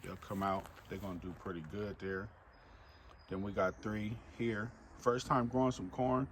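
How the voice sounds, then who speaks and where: A man casually walking viewers through his home garden, chatty and relaxed, calling them y'all. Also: fairly low pitch, normal speed, a little hiss or hum. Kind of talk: casual walk-through narration. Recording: music playing clearly behind the voice.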